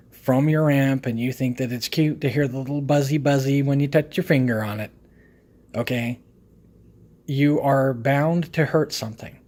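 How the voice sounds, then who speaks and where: A man talking straight to camera in a casual video review. He lectures emphatically, pressing his points home and tagging them with a questioning "okay?" His pitch sits right in the middle for a man. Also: a little mellow. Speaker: product reviewer.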